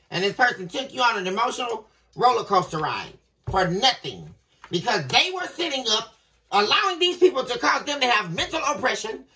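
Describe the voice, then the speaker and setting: A woman giving a tarot reading to her viewers, dramatic and halting, repeating phrases for emphasis. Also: fairly high pitch, big pitch swings, pushed and bright, far from the mic, poor audio. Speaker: tarot reader.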